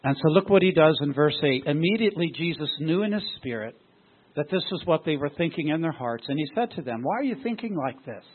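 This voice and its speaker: A man's voice: on the high side, animated, fast talker. A man preaching a sermon as pastor, often throwing rhetorical questions at his congregation. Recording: tinny phone-like sound.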